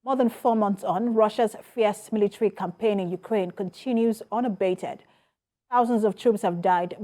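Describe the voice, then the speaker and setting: A woman news anchor introducing a report in a steady, formal read. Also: medium pitch.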